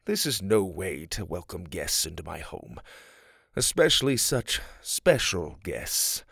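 A man's voice: sits low, sing-song, measured pace, vocal fry, slightly rough, dry recording, studio quality, voice pushed down, exaggerated voice. A man voicing a round, hot-tempered father from an underground people who speaks in a stern, formal way. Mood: apologetic. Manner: stern, formal, shouts in bursts.

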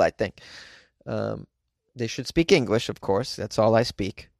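Guy hosting his podcast, raspy gravelly voice, rambling with lots of uhs, super dry sound. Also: on the low side, normal speed, darkish tone, no room sound. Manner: chatty, joking, many fillers and restarts. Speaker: podcast host. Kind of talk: casual solo podcast talk.

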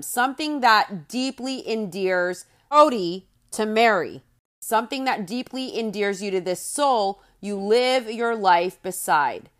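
A woman's voice: medium pitch, lively intonation, measured pace, a bit bright. Blunt, sarcastic woman podcaster. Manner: blunt, sarcastic, mocks quoted lines in exaggerated voices. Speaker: podcast host. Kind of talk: recap commentary monologue.

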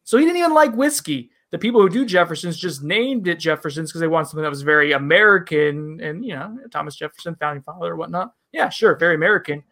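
A man's voice: a little high, expressive, fast, hardly any pauses, a bit bright. A man co-hosting a casual bourbon review chat, rambling and self-deprecating, with lots of fillers.

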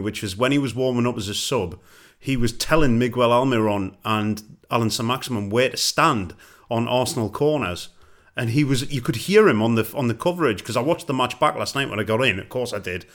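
A man hosting a casual football podcast, telling stories with lively energy and running the show. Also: mid-range voice, fairly quick. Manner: lively storyteller, animated when quoting. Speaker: podcast host.

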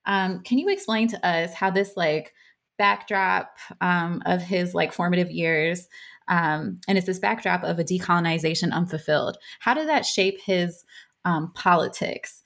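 Female host: lowish, gravelly, careful questioner who pauses to think. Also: a bit bright. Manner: thoughtful, halting with ums. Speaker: interviewer host. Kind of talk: interview questions.

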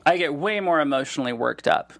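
A man's voice: a little high, quick pace, gravelly, dry recording. Chatty male podcast host, dry sound. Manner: animated, many fillers and restarts. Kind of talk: casual chat.

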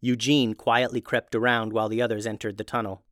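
A man narrating a children's fantasy adventure in a steady, even reading voice. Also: medium pitch, brisk, no room sound, clean studio sound. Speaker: storyteller.

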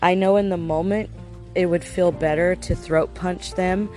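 A man's voice: high voice, steady tone, measured pace, a little mellow, faint music behind. A man giving a casual self-help lesson in an earnest way, asking his listeners rhetorical questions.

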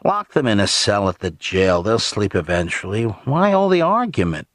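A man's voice: fairly low pitch, big pitch swings, normal speed, fairly bright tone, no echo, clean studio sound. A man reading aloud, voicing a weary little man who speaks curtly and impatiently. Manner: sighing, curt.

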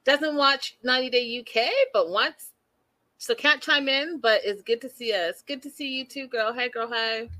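A woman hosting a casual recap chat over a video call, animated and talking straight to her co-host. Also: on the high side, moderate pace. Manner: animated, acts out quotes, addresses co-host by name. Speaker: podcast host.

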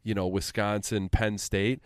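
A man's voice: lowish voice, little pitch movement, measured pace, smooth, no echo, studio quality. A man co-hosting a sports podcast, talking in blunt, dismissive, grumbling banter. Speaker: podcast co-host.

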